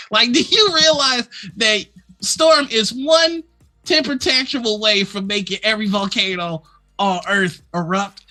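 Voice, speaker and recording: A co-host on a live stream, ranting fast and animatedly, swearing freely and stumbling over restarts. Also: mid-range voice, bright, forceful tone. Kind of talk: casual live-stream chat. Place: at home, neighbors heard outside.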